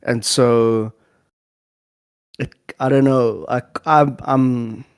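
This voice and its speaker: Male co-host, mid pitch, slow unhurried delivery, rambling, dry recording. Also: steady tone, clear, resonant tone, no echo. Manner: rambling anecdote, fillers, laughs often. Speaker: podcast co-host. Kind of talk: casual discussion.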